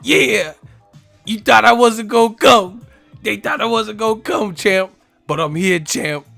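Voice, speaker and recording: A man playing a brash, loud boxer. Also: high-pitched, unhurried, vocal fry, dry recording, soft background music, voice pushed up, full character voice. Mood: hyped. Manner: loud, brash, repeats a catchphrase. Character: boastful hyped-up male boxer, scrappy.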